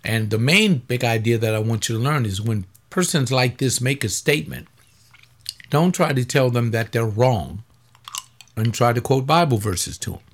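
A tired, aching male pastor giving a webcast talk in a voice of ordinary pitch. He rambles in a loose, conversational way, firing off blunt rhetorical questions. He often sinks low and quiet, then climbs sharply when he pushes a point. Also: moderate pace. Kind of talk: webcast commentary reading and answering a paper.

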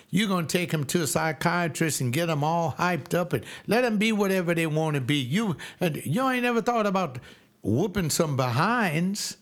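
A man's voice: on the high side, lively intonation, moderate pace. A man in his seventies preaching a sermon, emphatic and repetitive, often acting out voices. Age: 70s.

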